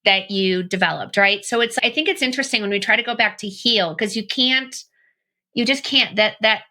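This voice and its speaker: A woman hosting a podcast chats casually in a bright, forward voice. She rambles and reflects aloud, circling back with lots of fillers. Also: medium pitch, normal speed. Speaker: podcast host. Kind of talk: casual conversation.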